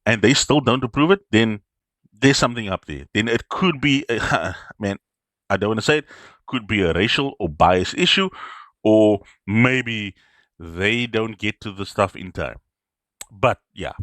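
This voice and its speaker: A man's voice: fairly low pitch, lively intonation, a little slow, fairly bright tone, dry recording. A man hosting a gaming channel, delivering a frustrated, blunt and rambling rant in casual commentary. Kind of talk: ranting commentary vlog.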